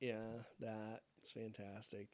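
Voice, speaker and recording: A man's voice: on the low side, flat delivery, takes it slowly. A young man co-hosting a podcast, telling a crude story casually with lots of laughing. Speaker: podcast co-host. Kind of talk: casual chat.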